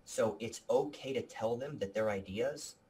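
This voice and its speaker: A man's voice: mid-range voice, moderate pace, a little mellow, slight background noise. A man being interviewed about his video production company, talking with energy and earnestness, often restarting his sentences. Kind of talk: casual interview talk.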